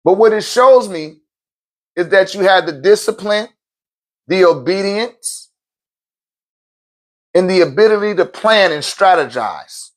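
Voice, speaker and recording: Giving a casual motivational talk, a spiritual teacher and event host swears freely and laughs a lot. His high-sitting voice is animated, with a measured pace and long pauses. He speaks emphatically, restarting phrases and repeating words along the way.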